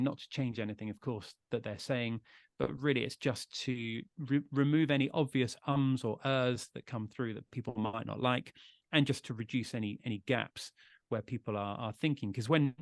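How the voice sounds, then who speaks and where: A British podcast trainer gives a live online talk about podcasting, speaking at medium pitch and a little fast into a close desk USB microphone with no room sound. He's chatty and reassuring, often restarting sentences and repeating words, and takes audience questions.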